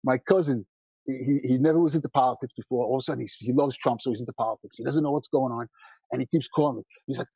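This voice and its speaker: A man from New York, a musician guest in a casual interview, telling stories quickly with lots of restarts. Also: mid-range voice, husky, no room sound. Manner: fast, animated storyteller with many restarts.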